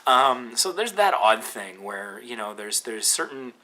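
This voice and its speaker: A man's voice: medium pitch, sing-song, measured pace, pushed and bright. A Canadian man hosting a podcast, talking casually and rambling with fillers and restarts. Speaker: podcast host.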